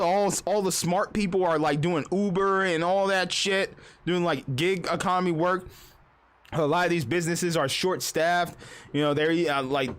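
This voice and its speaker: High-voiced man on a profane rant. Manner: profane, rambling, storytelling with animated asides. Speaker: streamer. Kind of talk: casual live-stream rant.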